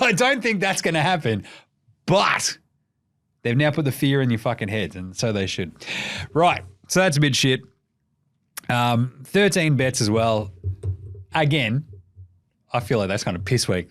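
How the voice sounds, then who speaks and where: A young Australian man hosting a basketball show, talking casually with lots of swearing and jokes. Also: medium pitch. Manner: profane, joking, animated. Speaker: basketball podcast host.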